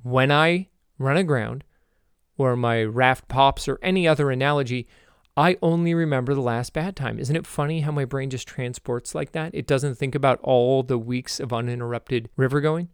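A man's voice: mid-range voice, normal speed, smooth, no echo, clean studio sound. A man hosting a motivational podcast monologue, rambling, correcting himself and cracking jokey asides. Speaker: podcast host.

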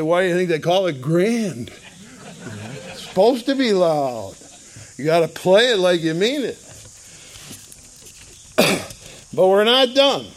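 A man preaching a sermon, emphatic and animated, with bursts of loud emphasis. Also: sits high. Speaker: pastor.

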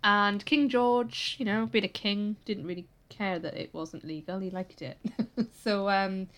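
A woman co-hosting a podcast, telling a history story in a lively, amused way. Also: mid-range voice, measured pace. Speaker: podcast co-host. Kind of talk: casual history chat.

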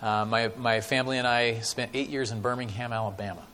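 A man preaching a sermon with stories to a church congregation, talking in a conversational way with many fillers and dramatic pauses. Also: medium pitch, fairly even intonation, pushed and bright, a little hiss or hum. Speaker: guest preacher.

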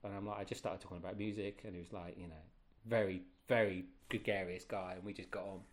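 Man telling lively anecdotes. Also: low-pitched, fast talker. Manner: lively, animated retelling with many fillers. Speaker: guest. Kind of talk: casual anecdotal storytelling.

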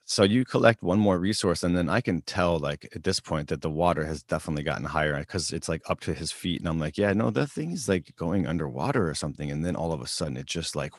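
A man in a casual chat, retelling a video game session in a laid-back, unhurried way, with many fillers. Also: a bass voice.

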